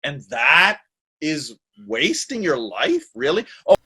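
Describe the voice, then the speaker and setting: A man talks as an interview guest, scornful and mocking. His voice sits a little high for a man. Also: expressive, a little slow, fairly bright tone. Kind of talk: casual interview talk.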